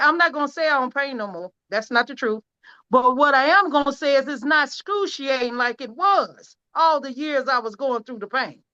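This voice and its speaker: A woman's voice: high-pitched, bright, forceful tone. Earnest woman on a lo-fi video call. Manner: earnest, emphatic, close to tears at times. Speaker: product testimonial speaker. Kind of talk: emotional personal testimonial. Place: at home.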